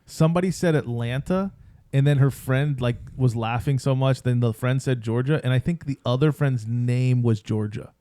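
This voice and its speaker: A man's voice: mid-range voice, moderate pace, dark tone, no room sound. A man co-hosting a casual podcast, rambling and hedging with lots of "like" and "I think". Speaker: podcast co-host. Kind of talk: casual chat.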